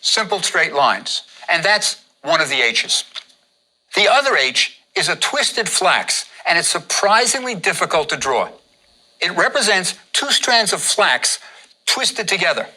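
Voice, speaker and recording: Bright, lively man teaching drawing. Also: sits high, a little slow, rough recording. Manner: patient, instructive, repeats each step. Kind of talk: step-by-step drawing lesson.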